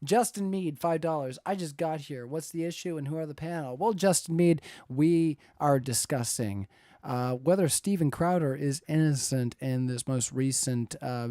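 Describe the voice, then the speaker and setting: A man's voice: mid-range voice, warm tone, no echo, clean studio sound. A man moderating a live-streamed debate, reading donor comments aloud with chuckles and hesitant fillers.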